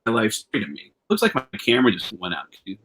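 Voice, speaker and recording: A man telling a long, rambling story with lots of restarts and cursing. He keeps jumping up in pitch to act out what people said. The sound comes over a video call. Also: quick pace. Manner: animated storyteller, acts out quotes with raised voice; profane, rambling with many restarts. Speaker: comedian guest. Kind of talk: storytelling anecdote.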